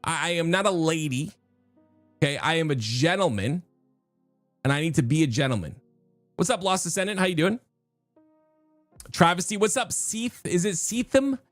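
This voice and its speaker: Male streamer, fairly high voice, animated, rambling chat, faint music behind. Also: moderate pace, long pauses, dry recording. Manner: rambling, self-interrupting, chatty with viewers. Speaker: live streamer. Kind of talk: casual live-stream chat while gaming. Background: faint background music.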